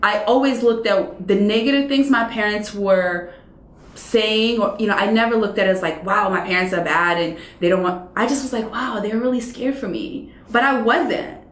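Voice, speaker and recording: Animated woman telling stories in a roomy space. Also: mid-range voice, moderate pace. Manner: animated storyteller who acts out quoted dialogue. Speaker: radio and TV personality, interview guest. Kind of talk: casual interview conversation. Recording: roomy echo.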